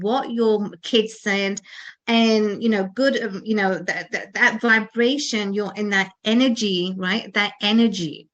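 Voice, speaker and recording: A woman's voice: on the high side, fairly bright tone. A woman co-hosting a talk show, giving an earnest motivational talk with frequent restarts and fillers. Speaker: podcast co-host.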